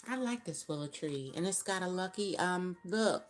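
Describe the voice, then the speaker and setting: Low-voiced woman giving a tarot reading. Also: animated, moderate pace, soft background music. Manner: loose, rambling and musing, thinking aloud while counting cards. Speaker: tarot reader. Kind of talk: casual tarot reading to viewers.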